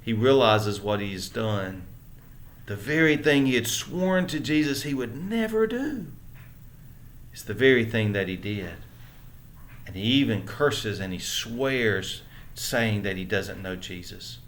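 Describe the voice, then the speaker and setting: With a fairly low, fairly bright voice and lively intonation, a Southern American man teaches a church Bible lesson a little slowly. He talks earnestly and conversationally, frequently restarting sentences and turning to listeners with rhetorical questions.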